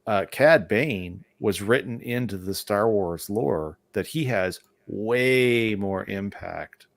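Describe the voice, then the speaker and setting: A man's voice: on the low side, slow, gravelly, no room sound. A man hosting a casual discussion, talking emphatically and with strong opinions.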